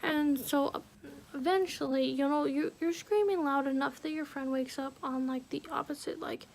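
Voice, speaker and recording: A woman talks to camera in a high voice with a gravelly edge. She tells a personal story in a hushed, halting way. She often drops into a whisper and leans on "like" between phrases, with a faint hiss of background noise. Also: fairly even intonation. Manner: halting, heavy use of "like". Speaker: vlogger.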